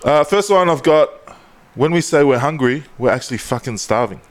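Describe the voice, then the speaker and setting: A man's voice: medium pitch, expressive, moderate pace. A man co-hosting a podcast, telling stories in a laid-back way, swearing freely and laughing often. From Pacific Islander heritage. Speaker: podcast co-host. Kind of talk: casual podcast chat.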